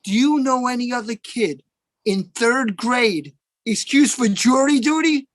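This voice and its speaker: A man telling deadpan stand-up one-liners over a video call at an open mic. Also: very high-pitched, measured pace, dry recording.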